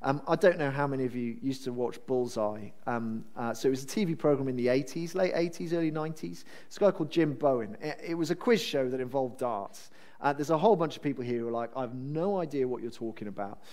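A man preaching a sermon in a chatty, self-deprecating and animated way. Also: mid-range voice, fast talker.

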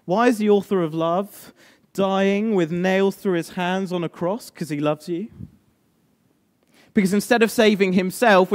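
A man preaching a sermon, moving between hushed, slow lines and rising, emphatic passages. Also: high-pitched.

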